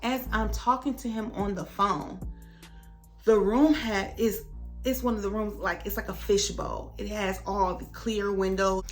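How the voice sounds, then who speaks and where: A young woman tells a story to her camera in a casual, lively way, acting out each quoted line with plenty of drama. Her voice sits in a medium range, and soft music plays underneath. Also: medium pitch, a little slow. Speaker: vlogger.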